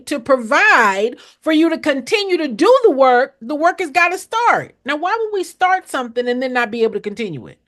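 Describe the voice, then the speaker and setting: Blunt, animated middle-aged woman teaching. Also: high voice. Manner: blunt, emphatic, preachy, repeats key lines. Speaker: nonprofit consultant. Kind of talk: direct live-stream teaching to viewers.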